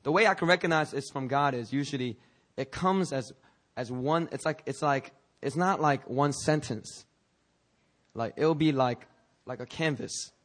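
A pastor talks through his sermon in a casual, jokey manner, with asides, restarted phrases and a cough here and there. His voice is mid-range at normal speed.

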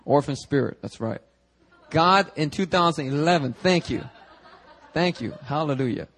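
Lively, chatty preacher man. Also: a little high, moderate pace. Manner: animated, chatty, frequent restarts and asides to the congregation. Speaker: pastor. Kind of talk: casual conversational sermon. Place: church sanctuary.

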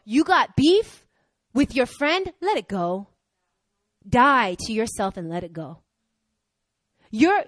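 A young woman preaching a sermon, conversational and energetic, swinging from loud exhortation to quiet asides. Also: high voice, no room sound.

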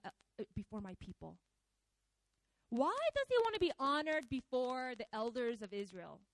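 Animated woman preaching, high lively voice. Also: dry recording, rough recording. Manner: animated, conversational, acts out the quotes. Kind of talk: sermon.

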